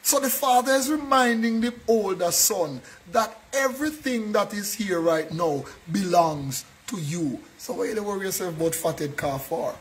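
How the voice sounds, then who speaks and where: A man's voice: high-pitched, lively intonation, normal speed, few pauses, low-quality recording. A man, preaching a sermon in church in an earnest way and often checking in with his listeners by asking whether they follow. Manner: earnest preaching, keeps checking in with a tag question. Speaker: pastor.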